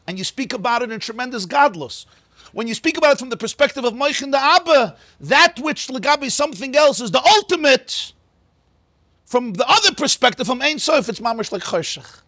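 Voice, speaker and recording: A rabbi with an extremely high-pitched male voice teaches a synagogue class on mystical texts. He is emphatic and animated, repeating words for stress and weaving in Hebrew and Yiddish terms, and the recording is dry.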